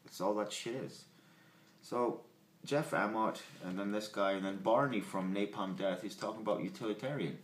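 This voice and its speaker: Deep-voiced man rambling in a roomy room. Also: moderate pace. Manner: profane, digressive, heavy fillers. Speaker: album reviewer. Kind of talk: rambling casual monologue. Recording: roomy home recording with faint background noise.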